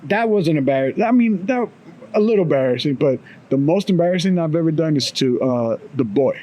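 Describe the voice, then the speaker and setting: An American man with a somewhat high voice, telling a story on a podcast. He speaks loosely and with some swearing, laughing along at his own tale. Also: fairly quick, highs cut off. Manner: relaxed, profane, chuckling. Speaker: podcast co-host. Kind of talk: casual storytelling chat.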